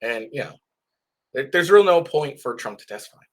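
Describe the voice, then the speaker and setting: A man's voice: mid-range voice, lively intonation, brisk, a bit bright. A man with a stuffy nose giving casual, rambling commentary on live updates, full of restarts.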